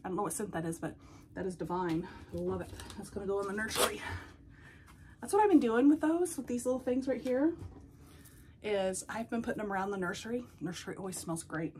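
A woman hosting a casual unboxing vlog at home, gushing and excitable as she talks to her viewers. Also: mid-range voice, fairly quick, slight background noise. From United States. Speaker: doll collecting channel host.

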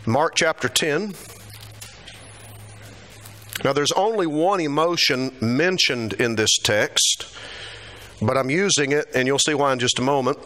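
A man preaching a sermon in a church, acting out quoted lines. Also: moderate pace. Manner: animated, acts out quotes with rising pitch.

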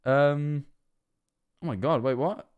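A man's voice: fairly high pitch, slow pace, muffled recording, crowd noise. A man streaming, giving casual reaction commentary, chatty and laughing often, with plenty of swearing.

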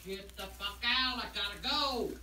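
A woman's voice: mid-range voice, moderate pace, distant mic, very noisy. An older woman, a grandmother at home, scolding and swearing nonstop in a cursing rant. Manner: foul-mouthed, scolding, swearing constantly. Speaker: grandmother being pranked. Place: at home indoors.

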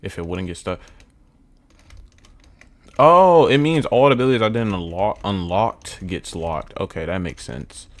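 Young male gamer for gameplay commentary: mutters low and dry, then jumps to excited yelling, says bro and man. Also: a little slow, pauses often, no room sound. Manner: swears and repeats himself, says bro and man a lot. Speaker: gaming YouTuber. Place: at home indoors.

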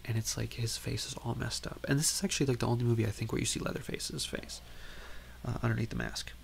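Rambling male film host, gravelly, casual recap with soft noise behind. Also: lowish voice. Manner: rambling, lots of "like" and "um".

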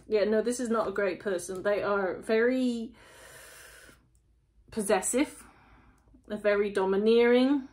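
A woman's voice: mid-range voice, a little slow, long pauses, a little mellow. A woman chatting through a casual tarot reading, asking lots of rhetorical questions. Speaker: tarot reader.

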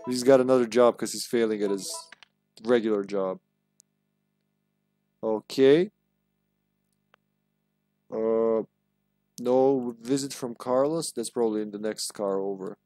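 A man's voice: fairly low pitch, a little slow, long pauses, warm tone, dry recording, faint music behind. A man giving joking, sarcastic commentary while playing a video game on a live stream. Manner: jokey, sarcastic, laughs often. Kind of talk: casual gameplay commentary.

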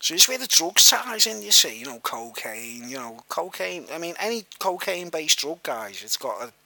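A man's voice: fairly high pitch, sing-song, normal speed, gravelly, bright, forceful tone, rough recording. A man telling a personal story straight to camera, rambling with many "like"s and "you know"s and talking to viewers as guys.

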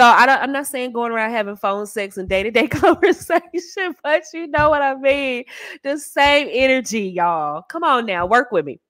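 An American woman talks frankly and playfully as a dating coach, her pitch bouncing all over the place. She sits a little above the usual register, and the sound is close and dry. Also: no room sound. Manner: animated, teasing, breaks into soft sultry demo voices and laughs. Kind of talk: casual advice talk to camera.

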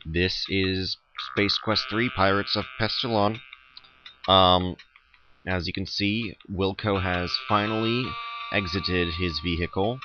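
A man's voice: low-pitched, steady tone, slow, lo-fi sound, background noise. A young man casually commenting as he plays a computer game, rambling and joking as he goes. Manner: rambling, self-interrupting, joking. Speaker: let's play host.

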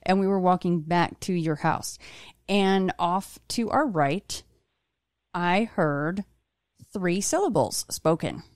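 A woman's voice: lowish voice, expressive, takes it slowly, dry recording, studio quality. A woman hosting an interview, telling a story in a chatty way with frequent restarts. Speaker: podcast host. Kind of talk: casual interview chat.

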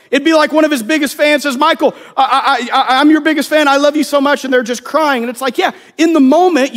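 A man preaching a sermon in a conversational way, acting out the voices of people he quotes. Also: very high voice. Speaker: pastor.

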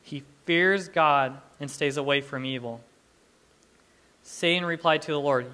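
A man's voice: on the high side, a little slow, pushed and bright. A man in his thirties preaching a sermon in a conversational, humorous way, often restarting his sentences. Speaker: pastor.

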